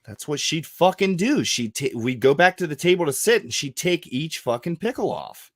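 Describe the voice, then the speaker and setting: A man's voice: fairly high pitch, moderate pace, no echo. Profane storytelling man, dry sound. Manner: profane, storytelling, animated quoting. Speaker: podcast host. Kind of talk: casual chat.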